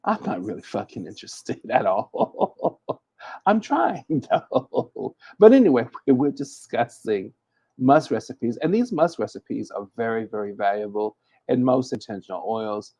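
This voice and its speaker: A man hosting a casual livestream, playful and animated, teasing himself as he stumbles over hard words and restarts often. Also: medium pitch, a little slow, husky. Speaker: host giving hoodoo readings and advice. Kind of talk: casual livestream chat, reading from the chat.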